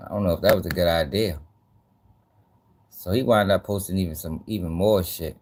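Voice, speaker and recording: A man's voice: deep voice, moderate pace, a little mellow, a little hiss or hum. A man hosting a gossip news channel, commenting on clips in a laid-back, slangy, amused way.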